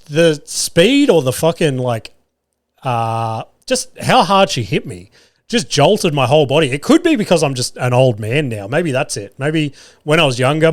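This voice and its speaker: Aussie guy rambling a sweary podcast story, middle pitch, dry close sound. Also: dry recording. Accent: Australian. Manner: swears a lot, rambling and animated. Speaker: podcast host. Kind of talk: casual storytelling monologue.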